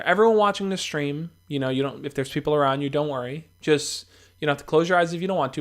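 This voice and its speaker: A young man runs a casual livestream offering dating advice, talking straight to his viewers in a relaxed, encouraging tone. His voice is slightly high for a man, and he speaks fast and loosely, with fillers and restarts.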